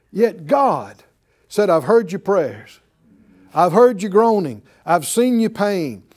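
A man's voice: high-pitched, darkish tone. A man teaching a Bible class as a sermon, emphatic and calling for responses from the class.

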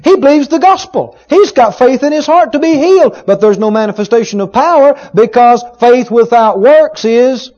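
A man preaching a sermon, retelling a story with emphatic, dramatic rising shouts. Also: very high voice, expressive, moderate pace, hardly any pauses. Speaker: pastor. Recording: dull lo-fi sermon recording.

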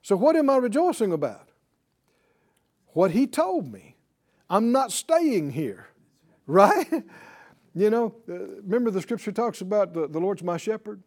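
A man preaching with a high, very animated voice that leaps up and down as he talks. He keeps the sermon lively, laughing often and tossing "right?" to his listeners. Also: a little slow, pauses often. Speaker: pastor.

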